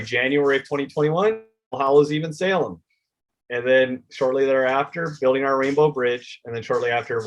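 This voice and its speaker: Guy author on a talk show, mid-pitch voice, sincere storytelling, acts out quotes. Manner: heartfelt, acts out quoted exchanges. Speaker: children's book author, guest. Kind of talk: conversational interview storytelling.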